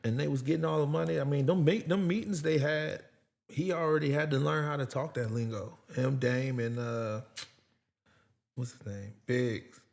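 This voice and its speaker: Man, podcast co-host, casual slangy talk, creaky, gravelly voice. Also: fairly high pitch, darkish tone. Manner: slangy, questioning, quick agreements. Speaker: podcast co-host and basketball player. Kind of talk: casual chat.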